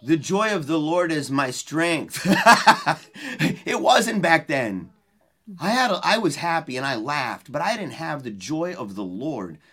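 Speaking unhurriedly in a medium pitch with big swings, a guest at a book launch recounts a heartfelt personal story. The delivery is earnest and emotional, loose with restarts and vivid phrasing, and goes hushed at tender moments when repeating words of comfort.

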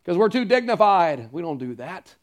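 A high-pitched man preaches a sermon as pastor. He is earnest and emphatic, leans on repetition, and breaks into friendly asides to the congregation. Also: sing-song, moderate pace.

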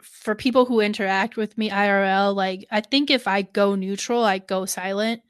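A woman's voice: mid-range voice, fairly even intonation, moderate pace, smooth, no echo, clean studio sound. A woman co-hosting a show recap, chatty and laughing often, with many fillers. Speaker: podcast co-host. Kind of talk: casual recap chat.

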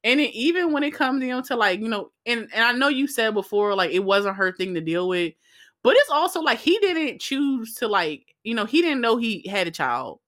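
A woman co-hosting a podcast in casual chat, animated and profane, with her pitch leaping up when she acts out reactions. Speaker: podcast co-host.

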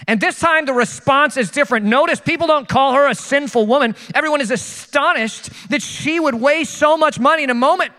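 Bright, high-voiced male pastor preaching. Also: fairly quick, few pauses, big-room sound. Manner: earnest, conversational preaching with rhetorical questions. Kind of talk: sermon.

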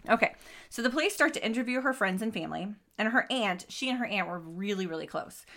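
Bright-voiced woman telling a crime story. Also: medium pitch, quick pace. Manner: expressive, swears, frequent asides and restarts. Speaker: podcast host telling a true crime case. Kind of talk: casual true crime storytelling.

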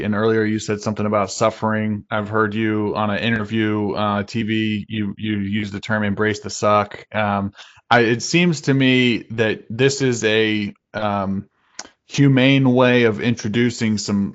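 A man interviewing a guest, asking questions in a halting way full of ums and restarts. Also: on the low side, muffled recording. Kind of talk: casual interview.

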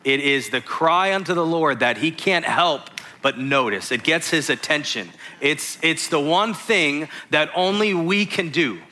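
A man's voice: fairly high pitch, measured pace, few pauses, sharp tone. A man preaching a sermon, reading scripture verses aloud and stopping to explain them to his listeners.

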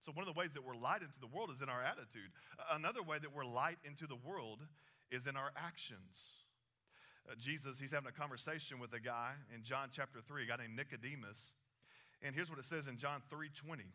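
A man preaching a sermon, animated, with casual asides and laughs, a parent of young children. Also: medium pitch, brisk. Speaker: pastor.

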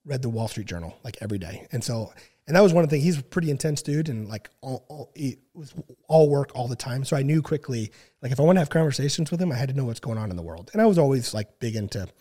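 A man in his thirties telling a long story in casual chat, with many fillers and frequent throat clearing. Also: medium pitch, quick pace. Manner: relaxed, filler-heavy, clears throat often. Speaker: podcast guest.

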